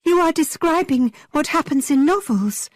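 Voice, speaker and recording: A woman voicing an excitable, nervous young woman with a high, trembling voice. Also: moderate pace, no room sound, studio quality.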